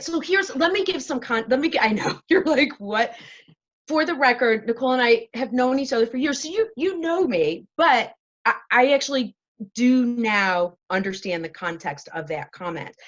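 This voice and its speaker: A woman's voice: a little high, animated, moderate pace, fairly bright tone, muffled recording. A woman host, being interviewed, chatting casually and laughing at herself often over a video call. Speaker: show host, interviewed as guest.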